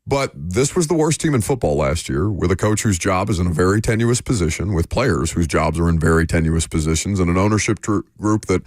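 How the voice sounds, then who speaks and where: A man's voice: sits low, expressive, brisk, hardly any pauses, a little mellow, no echo, studio quality. A man hosting a sports radio show, giving blunt opinions with frequent restarts and fillers.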